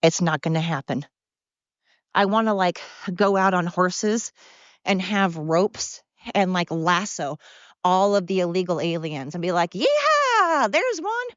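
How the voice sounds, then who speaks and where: A woman's voice: lowish voice, a little slow, no room sound, lo-fi sound. A middle-aged woman hosting a podcast, out of breath as she walks outdoors in the cold, talking in a blunt, profane, sarcastic rant. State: out of breath from walking. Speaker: podcast host. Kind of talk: casual ranting monologue.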